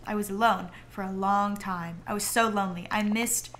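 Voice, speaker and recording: A woman reading the lines of a sweet, gentle female cartoon mouse aloud from a game, in a soft, earnest way. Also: mid-range voice, steady tone, moderate pace, voice pushed down, lightly acted.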